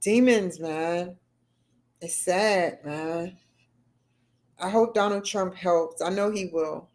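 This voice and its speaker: Speaking slowly with a fairly low pitch and darkish tone, a middle-aged woman hosts a livestream, rambling casually and responding to chat comments along the way.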